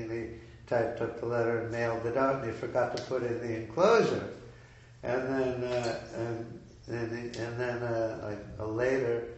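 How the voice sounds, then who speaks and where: A man tells a story in a loose, halting way, restarting his sentences again and again. His voice is heard from a distance in a very echoey room. The sound is dull and lo-fi. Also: medium pitch, darkish tone, a little hiss or hum. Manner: halting, full of restarts and fillers. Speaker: speaker at a devotional gathering. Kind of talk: informal storytelling talk.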